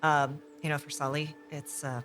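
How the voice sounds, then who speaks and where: The co-host's voice runs on the high side and a bit bright, but his delivery is flat and moderately paced. Still, he chats about tabletop role-play with rambling enthusiasm, often correcting himself mid-sentence on the podcast.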